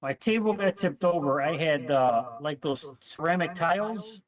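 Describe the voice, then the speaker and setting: A man casually telling a story on a chat panel, animated and acting out what people said. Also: a little high, a little slow, recorded from a distance, low-quality recording. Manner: animated storyteller, acts out quotes.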